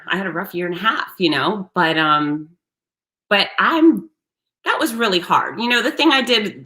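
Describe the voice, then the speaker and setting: A woman hosting her own show, telling a story in a blunt, salty, animated way. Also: lowish voice. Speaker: host. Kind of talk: casual storytelling monologue.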